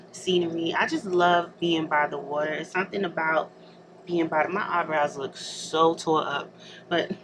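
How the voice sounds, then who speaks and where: A young adult woman vlogging casually while she gets ready at home, rambling and laughing often. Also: fairly low pitch. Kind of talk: casual chat to camera. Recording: noticeable background hiss.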